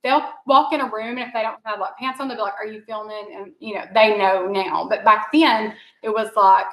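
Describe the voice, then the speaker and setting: A woman's voice: mid-range voice, fairly even intonation, a little fast, fairly bright tone. A woman from the American South with a Southern accent, chatting casually as a vlogger and telling rambling stories. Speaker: vlogger, mother. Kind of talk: casual chat. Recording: echoey room.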